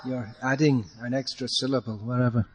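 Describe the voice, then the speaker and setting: A man teaching a class to chant Sanskrit verse, correcting pronunciation patiently and chanting lines slowly as an example. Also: mid-range voice, fairly even intonation, breathy edge, long reverb tail.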